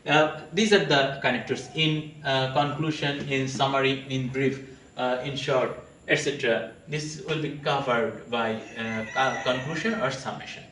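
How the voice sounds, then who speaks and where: A man's voice: mid-range voice, fairly even intonation, a bit bright, a little hiss or hum. Hesitant male teacher in an echoey room. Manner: hesitant, many pauses and repeated phrases; addresses listeners fondly as students. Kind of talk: classroom grammar lecture. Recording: echoey room, mic at a distance.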